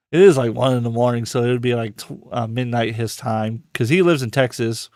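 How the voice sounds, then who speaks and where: A man's voice: mid-range voice, darkish tone, no echo. A man hosting a live podcast, talking casually in a profane, heated and rambling way. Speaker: podcast host.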